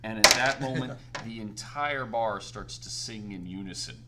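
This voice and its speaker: A man's voice: lowish voice, moderate pace, heavy background noise. A man narrating a tabletop game as game master, laughing often and belting out other voices. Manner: animated, laughing, belts out voices.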